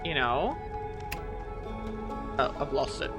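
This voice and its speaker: A woman's voice: extremely low pitch, takes it slowly, loud music behind the voice. A woman streamer chatting casually as she plays, thinking aloud and getting flustered. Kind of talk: casual live gameplay commentary. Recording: steady background noise.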